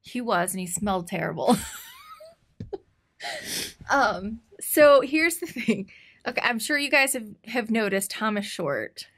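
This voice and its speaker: A young woman telling a story in casual podcast chat, animated and giggly, with lots of fillers. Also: on the high side, unhurried, pauses often. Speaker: podcast co-host.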